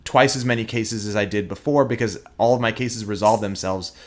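A young adult man from Texas, speaking as an interview guest in an earnest, reflective way with frequent pauses and fillers. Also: on the low side, fairly even intonation. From Houston, Texas. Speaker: guest, prosecutor.

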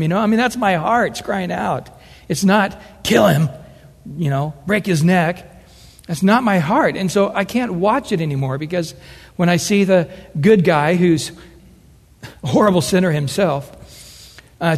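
A middle-aged man delivers a sermon in an earnest, conversational manner, slipping into quoted voices to make his point. His voice sits slightly high for a man. The sound carries a long reverb, as if filling a large hall. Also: a little mellow. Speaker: preacher.

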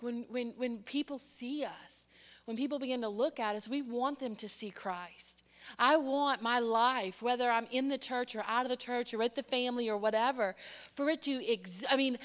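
An older woman, a pastor telling a personal story in a conversational sermon and acting out the people she quotes. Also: fairly high pitch. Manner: lively, conversational, acts out quoted voices. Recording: long hall reverb.

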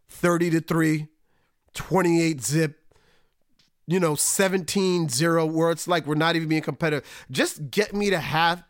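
A man hosting a solo sports podcast, talking animatedly and swinging between excited highs and low, resigned asides. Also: no echo, clean studio sound. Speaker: podcast host.

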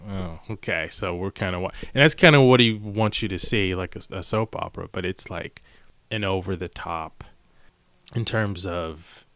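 Middle-aged male podcast co-host, low bright voice, dry close sound, loose rambling delivery. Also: moderate pace, no echo. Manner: rambling, animated storytelling with acted-out quotes. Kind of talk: casual chat.

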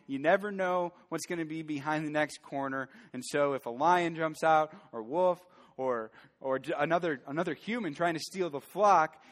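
A man preaching a sermon as pastor, earnest and building to fervent emphasis. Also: on the high side. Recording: long church hall reverb.

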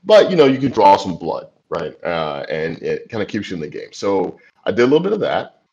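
A man's voice: low voice, huge pitch swings, a little fast, darkish tone. A man in his forties, a screenwriter being interviewed, telling stories in a loose, chatty way, full of "like" and "you know" asides and easy laughter. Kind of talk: casual storytelling. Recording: dull lo-fi recording.

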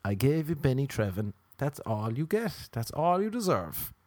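A man's voice: sing-song, moderate pace, darkish tone, dry recording, lightly acted. A man voicing his own brain as a scornful, bossy inner voice. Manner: taunting, higher-pitched.

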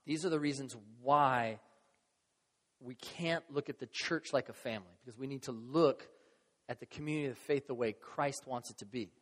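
A man preaching a sermon as pastor, in a conversational, animated way, acting out voices from the scripture he reads. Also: mid-range voice, normal speed. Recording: long reverb of a large hall.

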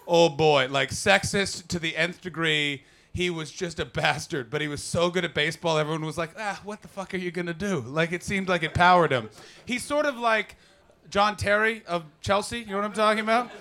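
Male stand-up comic, high and bright, riffs off the crowd and slips into mocking character voices. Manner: riffing, swinging into loud mocking voices for characters. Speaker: stand-up comedian. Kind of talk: improvised stand-up set with crowd work. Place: comedy club stage before a live audience.

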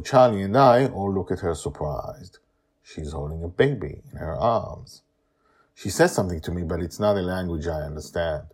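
A man hosting a podcast and narrating a serialized story with lively emphasis. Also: low voice, husky.

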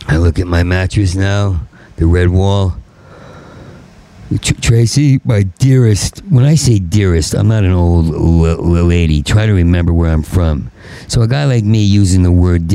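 A man's voice: low voice, vocal fry, mellow, poor audio. A middle-aged man with a heavy stutter, delivering a rambling, bitter stand-up monologue. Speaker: stand-up comedian.

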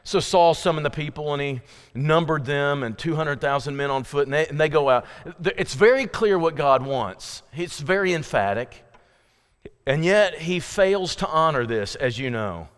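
A man's voice: fairly high pitch, lively intonation, moderate pace, clear, resonant tone, in a large hall. A man preaching a sermon earnestly, reading scripture aloud with emphasis. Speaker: pastor.

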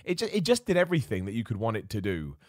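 A man's voice: on the low side, wildly swooping pitch, very fast, no room sound, studio quality. A man hosting his own wrestling show, giving enthusiastic, rambling opinions with frequent restarts. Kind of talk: casual opinion commentary.

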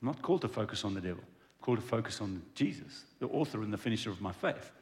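A man preaches in a church, his pitch leaping high and dropping low as he talks. He slips in and out of little voices for the people in his story, and his delivery stays conversational. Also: quick pace. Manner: animated, conversational preaching with acted-out dialogue. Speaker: pastor. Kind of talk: sermon.

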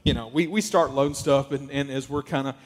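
A man tells a story in a casual, animated way, his voice medium in pitch and fairly quick. He acts out the quoted voices and fills his speech with lots of fillers, all in a hall with long reverb.

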